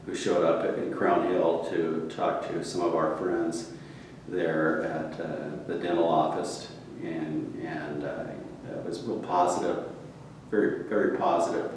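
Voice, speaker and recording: Low male storyteller, rambling and profane, booming room echo, faint hiss. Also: little pitch movement, unhurried, a little mellow, recorded from a distance. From Seattle area. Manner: rambling, profane, laughs often. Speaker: show regular, storyteller. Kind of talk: casual storytelling chat. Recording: roomy echo, from off mic, faint noise.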